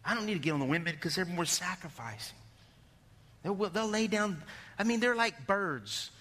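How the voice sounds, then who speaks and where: A male pastor delivering a sermon, animated, rising to shouts and dropping low, recorded in a church sanctuary. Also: moderate pace. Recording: long hall reverb.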